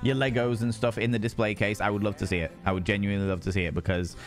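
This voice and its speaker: A man's voice: fairly low pitch, level tone, quick pace, soft background music. A young man streaming live, chatting with viewers in a playful, sweary way and greeting them by name. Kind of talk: casual live-stream chat.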